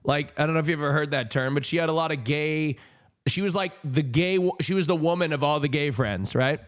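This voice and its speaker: A young man streaming, telling a rambling casual story with sudden high joking outbursts. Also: fairly quick.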